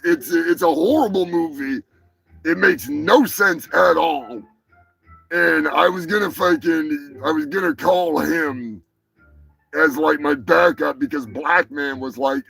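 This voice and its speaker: A man hosts a live online show, talking loosely and swearing as he rambles from one story to the next. His voice is fairly high and bright, with a heavy gravelly fry running through it. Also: low-quality recording. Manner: rambling, profane, restarts with laughter. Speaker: host. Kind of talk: casual livestream chat.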